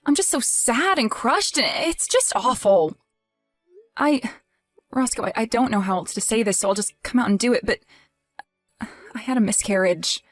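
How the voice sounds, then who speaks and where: A woman playing a young wife in a dramatized text-message story, emotional and pleading, with halting restarts. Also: on the high side, lively intonation, no room sound, soft background music. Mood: grieving. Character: young wife grieving, hurt and indignant.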